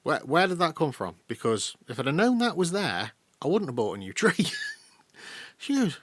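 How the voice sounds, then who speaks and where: A man's voice: a little high, normal speed, dry recording. A man telling a funny story on a casual podcast, sweary and laughing often, acting out other people's lines. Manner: animated, sweary, laughs often, acts out voices in anecdotes. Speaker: podcast co-host.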